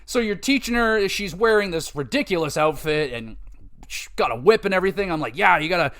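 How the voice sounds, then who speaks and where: A man's voice: high-pitched, brisk. A man hosting a podcast, rambling casually and swearing as he retells game stories. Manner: rambling, profane, animated retelling with quoted voices. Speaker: podcast host. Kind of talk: casual game-review chat.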